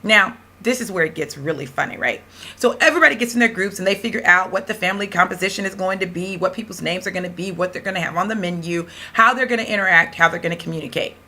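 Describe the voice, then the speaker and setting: A woman professor lectures in a bright, forceful voice, leaning on her words and telling a classroom story with lively emphasis. She talks to the room in a loose, conversational way and leaves room for the class to answer. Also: lowish voice, fast.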